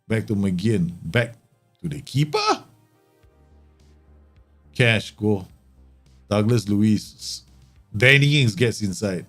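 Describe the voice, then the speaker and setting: A man streaming a football management game, talking through the match and exclaiming and grumbling at his team. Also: on the low side. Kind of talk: live gameplay commentary.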